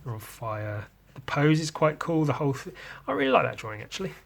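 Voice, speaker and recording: A man's voice: fairly high pitch, big pitch swings, quick pace, gravelly. A man hosting a podcast in casual chat, joking crudely and rambling as he talks. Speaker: host.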